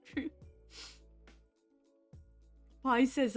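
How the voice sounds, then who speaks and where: A woman hosting a casual stream, playful and quick to laugh. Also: on the high side, lively intonation, soft background music. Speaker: streamer host.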